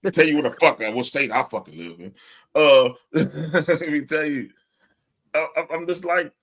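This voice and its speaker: Profane, laughing podcast co-host. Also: male voice, fairly high pitch, normal speed. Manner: profane, animated ranting with frequent laughs. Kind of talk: casual chat.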